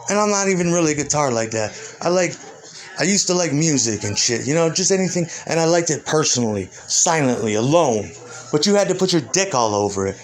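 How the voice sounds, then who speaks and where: Profane, animated man ranting. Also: fairly high pitch, fairly quick. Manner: profane, combative, rambling. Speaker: musician. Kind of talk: ranting monologue.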